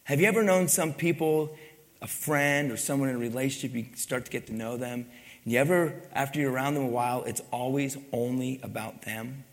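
A pastor delivers a sermon in a church, his medium-pitched voice brisk as he puts questions to the congregation and drives his points home with emphasis. The church hall gives the recording a long reverb.

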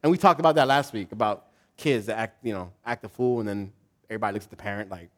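With a lowish voice and a fast pace, a pastor preaches a conversational sermon that's casual and slangy. He's animated, telling stories and doing voices for the characters.

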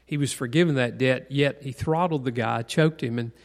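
A man's voice: mid-range voice, normal speed. A man teaching a Bible class in a conversational sermon style, asking the group questions and repeating key points for stress. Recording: long hall reverb.

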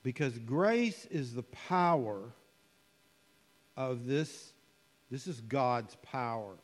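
A man preaching a conversational sermon in a church hall, musing and unhurried, with frequent fillers. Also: mid-range voice, animated. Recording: long hall reverb.

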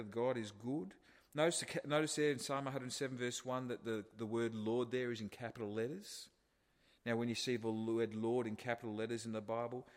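A man preaching a sermon to a congregation in a conversational way, with rhetorical questions and restarts. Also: lowish voice. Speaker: pastor. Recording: long hall reverb.

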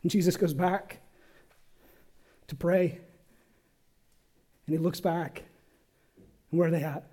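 A male pastor preaching a sermon in church, calling on the congregation to respond and swinging from loud to hushed. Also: fairly high pitch, fairly even intonation, takes it slowly, pauses often.

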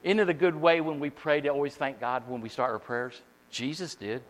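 A man preaching a sermon, leading the congregation in call-and-response and swinging from quiet asides to shouts. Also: mid-range voice, steady tone, brisk. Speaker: pastor. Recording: long hall reverb.

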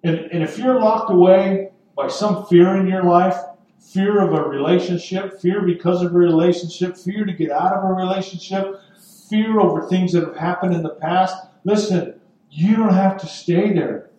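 A man preaching a sermon as pastor, earnest and deliberate, with dramatic pauses. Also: high-pitched, steady tone, warm tone. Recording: echoey room from far off.

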